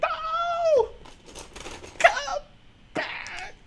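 A man voicing an anguished young man who screams about betrayal in shrill, sobbing shouts. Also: lively intonation, very slow, heavy background noise, heavily acted. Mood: desperate.

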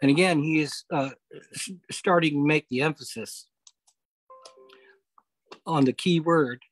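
A man leading a Bible study over a video call, explaining scripture step by step, often pausing on okay and uh. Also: on the high side, no room sound, poor audio. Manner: explanatory, repeats key points, frequent okay and uh. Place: home, online meeting.

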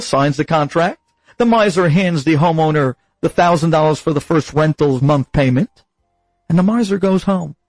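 A man telling a moral story with dramatic, expressive pauses. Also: a little high, dry recording, rough recording. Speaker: rabbi storyteller. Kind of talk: animated storytelling.

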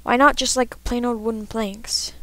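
A woman's voice: a little high, steady tone, normal speed, bright, forceful tone, no room sound. A woman giving let's play commentary, talking to herself with frequent frustrated outbursts as she plays. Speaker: gamer.

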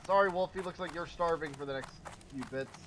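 A man's voice: fairly high pitch, fairly quick, fairly bright tone, slight background noise. A man streaming a video game, chatting casually with jokes, swearing and self-mocking asides. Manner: joking, profane, self-mocking.

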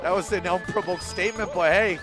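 A man with a high-pitched voice chats casually as he streams a game, telling stories in an animated, swear-heavy way. Game music plays clearly underneath him. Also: fairly quick. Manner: animated, profane storytelling. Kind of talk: casual chat while streaming gameplay.

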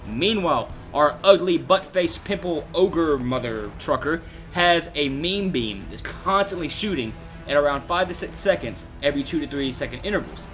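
A man's voice: a little high, lively intonation, normal speed, fairly bright tone, faint music behind. A young man hosting a gaming channel, giving casual, jokey, profane gameplay commentary to his viewers.

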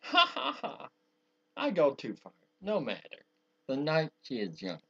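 A man's voice: medium pitch, big pitch swings, normal speed, breathy edge, dull audio. A man voicing a flamboyant gothic patriarch with grand theatrical delivery in a fan musical recording.

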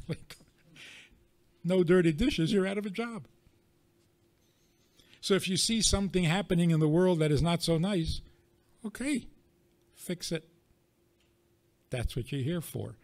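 Male rabbi, somewhat high voice, teaching a room through pointed rhetorical questions and dry homely examples. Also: a little slow, pauses often, a little mellow. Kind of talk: teaching talk to an audience.

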